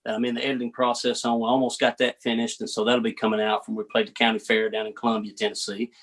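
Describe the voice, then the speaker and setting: A man's voice: mid-range voice, little pitch movement, fast talker, fairly bright tone. A man with a Southern US accent, a country singer chatting as a guest in a laid-back drawl, often calling the host "man". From United States. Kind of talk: casual interview chat.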